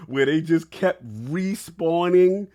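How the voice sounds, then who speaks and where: A man's voice: high-pitched, takes it slowly, a little mellow. A man hosting a casual gaming podcast, introducing co-hosts with showman flair and laughing a lot. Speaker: podcast host.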